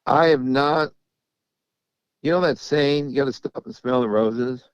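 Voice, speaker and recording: A middle-aged racehorse trainer telling stories in a casual interview, halting and repeating words as he goes, often laughing. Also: mid-range voice, clean tone, dry recording. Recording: dull lo-fi audio.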